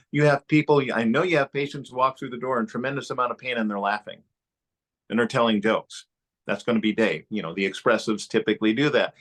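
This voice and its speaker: A man's voice: mid-range voice, fairly bright tone. A man in casual instructional talk, explaining ideas in a coaching tone. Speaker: co-host, practice coach.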